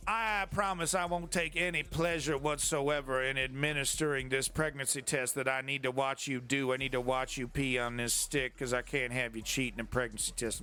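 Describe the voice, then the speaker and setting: A man's voice: fairly high pitch, bright, forceful tone, clean tone. A man voicing a creepy male small-town cop who keeps apologizing in a drawling, mock-polite way.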